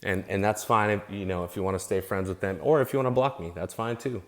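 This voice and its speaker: A fast-talking male vlogger with a fairly low voice rants unscripted to his followers on camera, heated and profane. As he gets worked up, he repeats himself and restarts his phrases.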